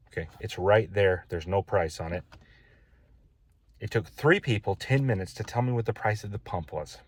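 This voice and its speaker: Guy with a lowish voice griping about a store, dry close sound, vlog rant. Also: normal speed, husky, no echo. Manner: exasperated, repeats his gripes. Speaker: homeowner building his own house.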